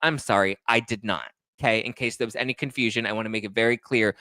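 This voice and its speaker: A man's voice: lowish voice, quick pace, few pauses, pushed and bright, no room sound. A man hosting a gossip commentary show, reading articles aloud and ranting at them sarcastically, getting more and more worked up.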